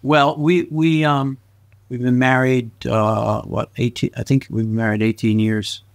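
In an easygoing interview, the guest, an actor and filmmaker, recounts stories in an unhurried, mid-range voice. His delivery is animated and full of laughter, with playful little voices dropped in along the way.

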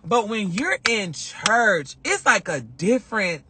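A man chatting casually on a livestream, emphatic and animated, repeating phrases for effect as he tells a spiritual story. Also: high voice, slow pace, slight background noise. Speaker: vlogger.

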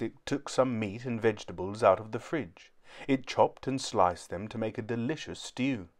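A man reading a children's book aloud in a clear, steady storytelling manner. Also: medium pitch.

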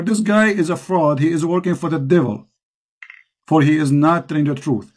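A man's voice: fairly high pitch, moderate pace, a little mellow, slightly rough. A man with an Arabic accent preaching with passion and repetition to a caller as the host. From Middle East.

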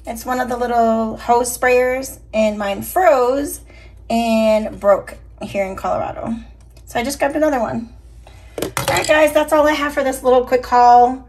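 A woman's voice: fairly high pitch, fairly even intonation, measured pace, a little mellow. A woman vlogger chatting casually through a shopping haul, upbeat and talking to her viewers, her voice a little scratchy. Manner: chatty, upbeat, addresses viewers as y'all and you guys. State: slightly scratchy voice. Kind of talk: casual haul video chat.

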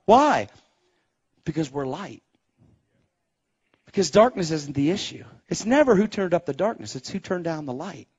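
A man preaching a testimony sermon, telling stories with loud exclaims and quiet asides. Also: normal speed, pauses often, slightly rough. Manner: animated storytelling, swings between loud exclaims and low asides. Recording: dull lo-fi live recording.

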